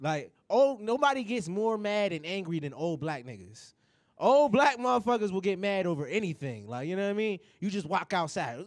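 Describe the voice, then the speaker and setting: A young man performing a profane stand-up comedy set, talking straight to the crowd in an animated way on stage. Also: high voice, normal speed, no echo.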